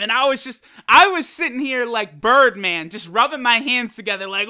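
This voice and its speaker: A man giving an excited, casual, profane review of an anime episode, retelling scenes as a fan. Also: extremely high pitch, normal speed, hardly any pauses, clear, resonant tone.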